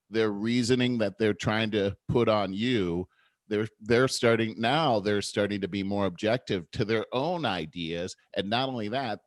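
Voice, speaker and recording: Low-voiced man in his fifties, earnest. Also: no echo, clean studio sound. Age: 50s. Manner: earnest and explanatory, with many restarts. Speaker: podcast co-host. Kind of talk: casual conversation.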